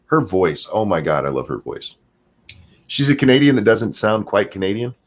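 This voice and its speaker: A man with a low voice hosts a casual livestream, reading out viewer comments. His pitch leaps and dips a lot as he swings between loud jokes and quiet mumbled asides, always talking through a home mic. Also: sing-song, normal speed. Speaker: livestream show host.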